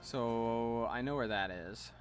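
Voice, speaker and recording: A man's voice: mid-range voice, slow pace, soft background music. A man streaming a game and chatting casually in an offhand, sometimes swearing way. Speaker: streamer, voice actor.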